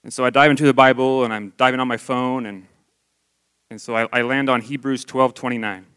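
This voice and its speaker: Church speaker, man in his forties, mid-pitched and earnest, talking candidly and conversationally to a congregation. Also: fairly even intonation, a little fast, fairly bright tone, clean tone. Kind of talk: personal testimony sermon.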